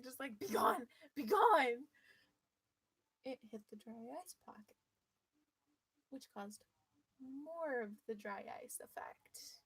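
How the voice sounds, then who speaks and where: Woman vlogger, slightly high voice, casual storytelling, playful, mischievous. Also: a bit bright, low-quality recording.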